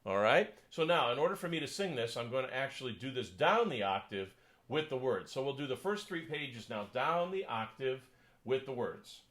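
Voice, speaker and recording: A man working as a choir conductor, coaching a section through a piece, counting in and singing parts, sometimes in falsetto. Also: animated, moderate pace, a bit bright, poor audio. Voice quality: sings in falsetto. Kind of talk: choral coaching lesson.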